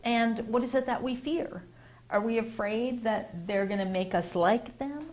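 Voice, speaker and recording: An American woman musing in a casual, rambling talk, with lots of fillers and self-corrections, who gets animated when she makes a point. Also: on the high side, unhurried, poor audio. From United States. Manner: acts out quoted voices, gets animated when emphasizing. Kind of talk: casual spoken reflection.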